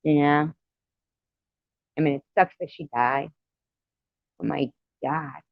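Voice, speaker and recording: A man's voice: on the high side, steady tone, takes it slowly, vocal fry, no room sound, lo-fi sound. A man telling a personal story to viewers in a casual, rambling, heartfelt way, with many "you know" fillers.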